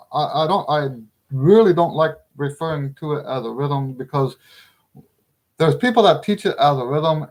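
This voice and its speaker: A middle-aged man teaching trumpet in a casual video lesson, chatty and emphatic, laughing often as he explains. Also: on the high side.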